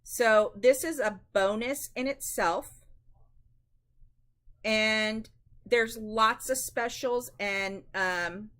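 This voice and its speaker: Woman host for a live craft demo: unhurried, slightly high voice, chatty how-to delivery. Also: a bit bright. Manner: chatty, instructive, addresses viewers as guys. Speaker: craft demonstrator.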